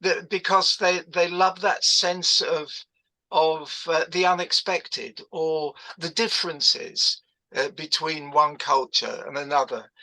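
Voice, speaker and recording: Bright, high-voiced man from Essex. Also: steady tone, slow, low-quality recording. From Essex, England. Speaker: actor in discussion group. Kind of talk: casual group chat on a video call. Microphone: video call.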